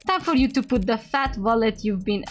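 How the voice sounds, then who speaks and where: A woman voicing a brash, sarcastic lawyer in a visual novel, wry and bossy, lines read aloud at a quick clip. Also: on the high side, expressive, faint music behind, natural voice. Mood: teasing.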